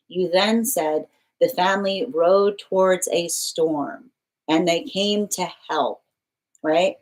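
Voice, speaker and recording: A woman's voice: fairly low pitch, low-quality recording. A woman giving a live tarot dream reading in an earnest, flowing way, often checking in with "right?" and leaning on spiritual phrases. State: choked up with emotion. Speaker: tarot reader.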